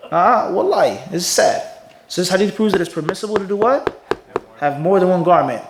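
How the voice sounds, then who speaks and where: A man teaching an Islamic lecture, posing rhetorical questions to his audience and mimicking others sarcastically. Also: sits high. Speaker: mufti teaching hadith. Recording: echoey room.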